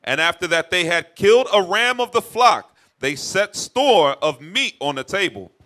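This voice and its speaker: A man reading old scripture verses aloud at a steady, plain pace. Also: sits high, normal speed. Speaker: scripture reader.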